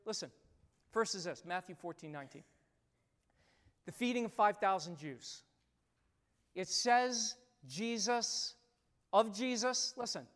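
A pastor preaching a sermon, speaking emphatically and addressing the congregation directly, with lots of repetition. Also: mid-range voice. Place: church sanctuary. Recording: long reverb of a large church hall.

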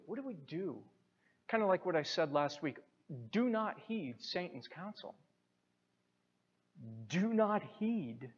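Emphatic high-voiced male preacher. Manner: emphatic preaching, repeats phrases for stress. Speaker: pastor. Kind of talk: sermon. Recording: muffled sound in a reverberant hall.

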